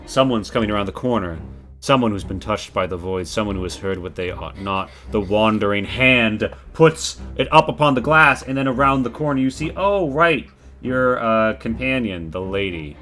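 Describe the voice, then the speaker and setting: A man's voice: on the low side, expressive, normal speed, fairly bright tone. A man narrating as game master, rambling with many fillers.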